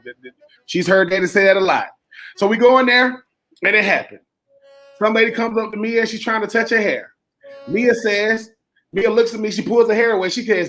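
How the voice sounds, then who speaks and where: A man's voice: high voice, fast talker, pushed and bright. A man co-hosting a sports radio show, animatedly telling stories about his kids in casual chat. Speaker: radio co-host.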